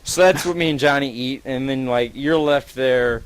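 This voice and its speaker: A man's voice: medium pitch, moderate pace, clear, resonant tone, poor audio. Man spinning a rambling gross-out story. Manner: rambling, profane, gleefully gross, many "like"s. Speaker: storyteller among friends. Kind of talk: improvised absurd story to a friend.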